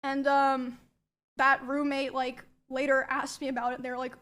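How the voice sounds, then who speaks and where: A woman quietly recounting a personal experience, subdued and hesitant with many pauses and ums. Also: high voice, monotone. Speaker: streamer telling a personal story. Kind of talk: soft-spoken personal account.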